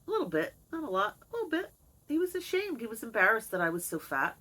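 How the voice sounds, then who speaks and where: A woman's voice: on the high side, sing-song, fast talker, pushed and bright, low-quality recording. A middle-aged woman vlogger telling a candid personal story to camera in a chatty, wry way. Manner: chatty, wry, talks to her cat between stories. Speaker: video blogger.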